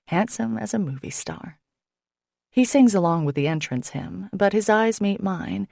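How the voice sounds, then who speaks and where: A woman's voice: fairly low pitch, vocal fry, warm tone, no echo, studio quality. A woman narrating a first-person novel as an audiobook, in a wry, conversational way.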